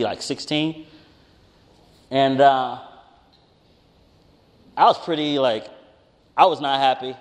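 A man preaching a conversational sermon, telling a personal story with animated, emphatic rises. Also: a little high. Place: church hall with congregation. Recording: reverberant hall.

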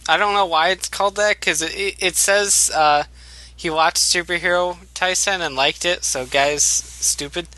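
A man's voice: sits high, fairly even intonation, normal speed, bright, forceful tone, no echo. A man hosting a casual podcast, reading out news with loose, rambling asides and frequent laughs.

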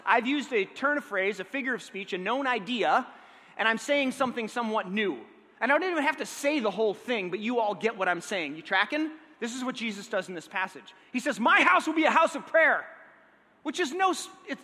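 A man preaching a sermon in a lively, conversational way, often checking in with his listeners. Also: high-pitched, long reverb tail. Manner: energetic, conversational, checks in with the audience. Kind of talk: sermon teaching.

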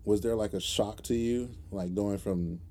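A man's voice: lowish voice, normal speed, a little mellow. A man hosting a casual podcast, easygoing and joking, with occasional swearing. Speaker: podcast host.

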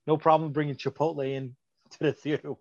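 A man's voice: on the high side, darkish tone, no echo, dull audio. A man in casual chat, blunt and profane, dismissive in his opinions.

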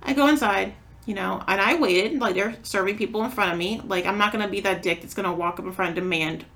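A woman's voice: medium pitch, quick pace, fairly bright tone. A woman co-hosting a podcast, telling a story in casual chat, acting out quotes and swearing freely. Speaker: podcast co-host.

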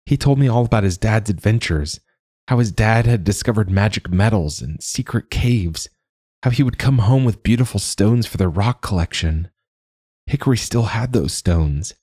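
A man voicing a calm, earnest young female recruit in an audiobook story. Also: lowish voice, normal speed, breathy edge, no echo, studio quality, voice pushed up.

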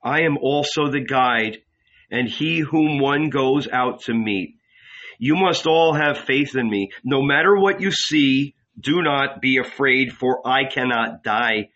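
Solemn intense male teacher, guy reading him, bright voice, dull lo-fi audio. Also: medium pitch, slow.

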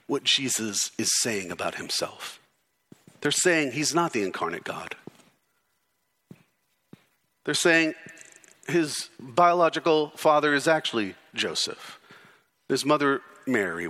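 Animated, bright-voiced male preacher. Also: slow, pauses often. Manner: emphatic preaching with repeated rhetorical questions and sudden drops to low intensity. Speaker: pastor. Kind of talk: expository sermon.

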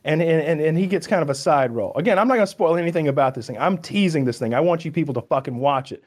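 A man with a somewhat high voice co-hosts a casual podcast. He rambles excitably and swears freely, gushing as he goes. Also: quick pace. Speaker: podcast co-host.

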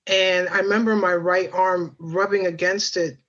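A woman's voice: lowish voice, flat delivery, normal speed, fairly bright tone, highs cut off. A woman guest on a podcast telling a personal story in a chatty way, with many fillers and asides.

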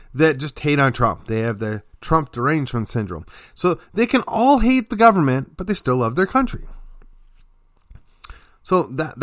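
Emphatic male host, somewhat high voice, sarcastic opinion monologue. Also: no echo, studio quality. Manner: emphatic, lively, sarcastic asides. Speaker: political commentary host.

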